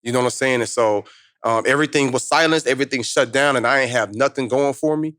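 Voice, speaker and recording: Brief: man, 30s, motivational speaker, rapid animated storytelling, dry close sound. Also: medium pitch, no echo. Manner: fast, animated street-slang storytelling. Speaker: motivational speaker, podcast guest. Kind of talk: storytelling in casual conversation.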